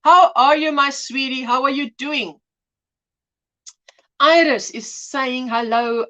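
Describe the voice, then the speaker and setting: Her voice is high and sharp, and she speaks slowly with long pauses. She's a South African woman running a relaxed crochet livestream through a phone microphone, chatting away, welcoming viewers and reading out their comments.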